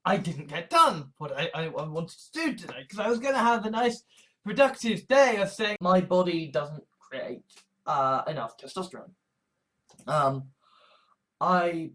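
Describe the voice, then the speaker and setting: A man's voice: high-pitched, sing-song, moderate pace, a bit bright. A man talking in a casual vlog monologue, stuttering and repeating himself often and swearing freely. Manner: stammering, repeating "I" over and over. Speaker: video essayist.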